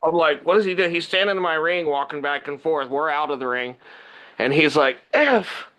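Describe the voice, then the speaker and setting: A man telling a long story as a podcast guest, animated, loudly acting out what others said. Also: on the high side, brisk, rough recording. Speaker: guest wrestler.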